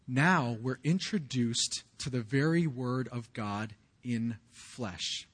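Here a man in his forties, a pastor, tells his own story within a sermon, using casual slang and often starting over. He speaks slowly at a medium pitch, with a fairly bright tone and a breathy edge.

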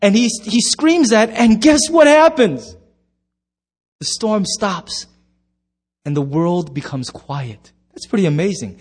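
A man with a high, light voice preaches a sermon in a church. He tells stories with animated voices and bursts into shouts now and then. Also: slow pace, husky. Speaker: pastor.

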